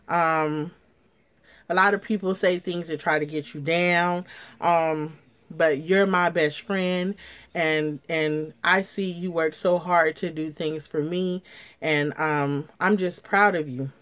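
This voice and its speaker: Middle-aged woman vlogging story time, low-ish voice, teary and chatty. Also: unhurried, fairly bright tone. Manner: emotional, chatty, addresses viewers as ladies. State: near tears. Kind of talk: casual story time chat to camera.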